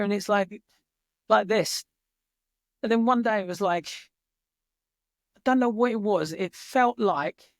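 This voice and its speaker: A man's voice: sits high, no room sound, clean studio sound. Earnest reflective man telling his story. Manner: earnest, reflective, swears casually. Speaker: guest. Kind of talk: casual storytelling interview. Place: remote farm in Norway.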